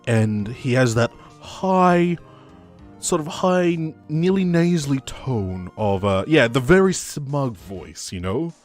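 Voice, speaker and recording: A young Australian man narrating a game playthrough in a loose, rambling way, often stopping to correct himself. His pitch moves in a lively, animated way. Faint background music sits under his voice. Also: takes it slowly. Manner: chatty, rambling, self-correcting. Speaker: gaming streamer. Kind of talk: let's play commentary, reading the game aloud.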